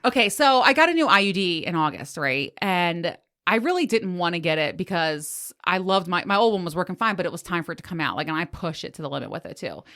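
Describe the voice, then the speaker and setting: A woman podcast host with a bright, forward voice chats candidly about her own life. She swears freely, laughs often and jumps her pitch up for punchlines. She sounds in her forties. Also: fast talker, few pauses. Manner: frank, profane and laughing, with lively swings in pitch. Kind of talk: casual chat.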